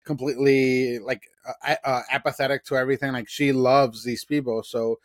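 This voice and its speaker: A man's voice: mid-range voice, flat delivery, brisk, no room sound. A man co-hosting an anime review podcast in casual chat, stammering and repeating words as he thinks. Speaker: podcast co-host.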